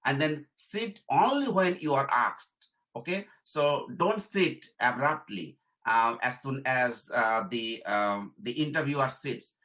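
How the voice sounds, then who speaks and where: Bright-voiced man teaching. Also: mid-range voice, lively intonation, takes it slowly, few pauses, low-quality recording. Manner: repeats points, checks in with "okay?". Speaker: career trainer and professor. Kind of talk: informal teaching talk.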